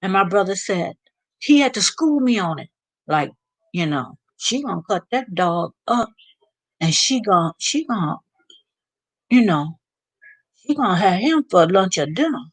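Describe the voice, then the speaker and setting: An American woman hosting a live stream, chatting and telling stories with animated asides. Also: mid-range voice, unhurried, long pauses. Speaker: vlog host. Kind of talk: live stream casual chat.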